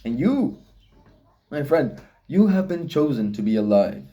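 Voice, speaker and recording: Slow-talking, profane rambling man. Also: medium pitch, big pitch swings, dark tone, muffled recording. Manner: profane, laughing, philosophical rambling. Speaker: vlogger. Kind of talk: rambling casual monologue.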